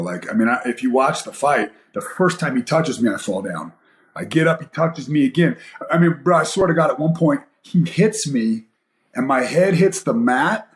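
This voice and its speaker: A man in his forties, a guest fighter and coach, telling a story in a casual interview with lots of fillers and acted-out quotes. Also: a little high. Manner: animated storyteller, acts out quoted voices, many fillers. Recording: echoey room.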